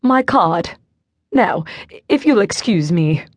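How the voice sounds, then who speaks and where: Audiobook figure: read by a woman, a condescending British-accented book snob, slow and precise. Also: medium pitch, lively intonation, no room sound. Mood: haughty. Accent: British, put on. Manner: pompous, enunciating each word carefully. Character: snooty thin male rare-book collector.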